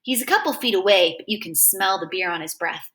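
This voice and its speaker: Bright lively woman reading a novel. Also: mid-range voice, fairly quick. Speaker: reader.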